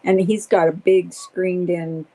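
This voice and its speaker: An older woman joins a casual live stream as a guest, talking in a relaxed, easygoing way with sentences that trail off. Her voice sits somewhat low and has a warm, mellow tone. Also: measured pace.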